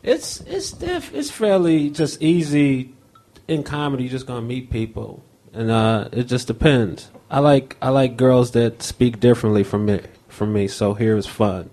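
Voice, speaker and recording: A man's voice: medium pitch, lively intonation, normal speed, dark tone. An American man chatting as a guest comedian on a live show, laid-back and blunt with dry humor. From United States. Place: bar stage before a live audience.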